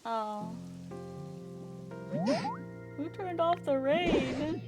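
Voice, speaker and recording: A woman streams a video game and comments on it in a casual, excitable way. Her voice sits high and her delivery is unhurried. Game music plays clearly behind her. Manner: excitable, gasping and laughing often.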